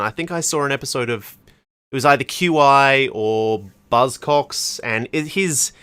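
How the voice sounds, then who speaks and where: A man's voice: medium pitch, fairly bright tone. Wry man commenting on a game. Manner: wry, reads on-screen text aloud. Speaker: let's play host. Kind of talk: casual gameplay commentary.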